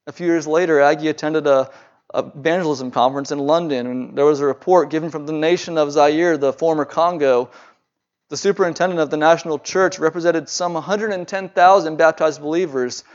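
Earnest preacher telling a sermon story. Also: male voice, a little high, lo-fi sound. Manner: earnest, with halting repetitions when speaking freely.

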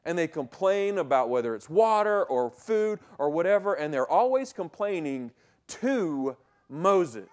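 A pastor preaching a sermon with emphatic delivery, repeating key lines and swinging from loud to hushed. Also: male voice, a little high, sing-song, a little slow.

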